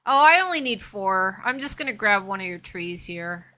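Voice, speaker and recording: Bright-voiced woman chatting on a live game stream. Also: medium pitch, expressive, moderate pace. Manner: chatty, talks to herself and her chat. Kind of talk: casual live-stream chat while playing.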